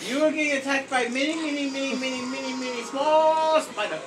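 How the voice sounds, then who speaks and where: A woman vlogging while playing a video game at home, joking crudely, often yelling and laughing, her voice strained from yelling. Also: high-pitched, brisk, faint music behind. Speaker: gameplay vlogger. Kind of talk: casual gaming banter.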